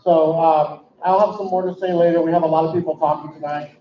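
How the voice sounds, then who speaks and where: A man's voice: on the high side, little pitch movement, fast. Man emceeing a party, dry jokes, sounds dull and echoey like a hall recording. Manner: dry, self-deprecating humor. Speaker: master of ceremonies. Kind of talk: event speech with storytelling. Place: indoor event hall.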